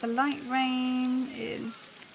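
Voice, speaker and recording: A woman's voice: high-pitched, flat delivery, extremely slow, vocal fry, a little hiss or hum, rough recording. A woman hosting a livestream, chatting and thinking aloud as she builds a soundscape. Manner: chatty, musing, talks to live chat. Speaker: show host building a soundscape live.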